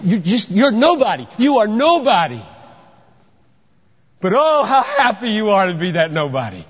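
Male pastor, sermon, fairly high voice, emphatic with rhetorical questions, muffled recording. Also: normal speed, breathy edge. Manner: animated, emphatic, rhetorical questions, bursts of shouting. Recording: dull sound with long hall reverb.

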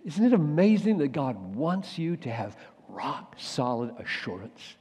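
A man preaching a sermon, swinging from loud urgent bursts to hushed, near-whispered lines. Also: a little high, lively intonation, unhurried, hardly any pauses. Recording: long hall reverb.

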